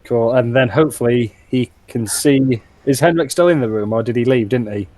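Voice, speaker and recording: A man's voice: medium pitch, normal speed, dark tone, dry recording. A man playing a tabletop game, thinking aloud with hesitant restarts as he plans his character's moves. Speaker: player.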